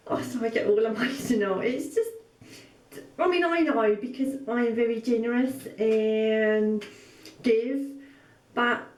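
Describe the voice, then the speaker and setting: A woman's voice: on the high side, takes it slowly, a little mellow, distant mic. A woman sewing vlogger opening gifts on camera, gushing and full of exclamations. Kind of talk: casual vlog, opening gifts. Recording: echoey room, mic set back.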